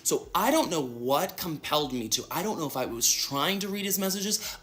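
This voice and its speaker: A man's voice: fairly high pitch, sharp tone. A young man from Dallas telling a long personal story in a casual, dramatic way, acting out what other people said. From Dallas, Texas. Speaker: storyteller in a played clip.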